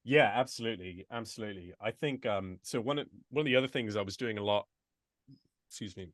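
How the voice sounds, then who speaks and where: A male voice actor from the United States, speaking with an English accent, chats casually as an interview guest with many restarts and asides. His voice is fairly low and brisk. The recording is dry and clean, with studio sound.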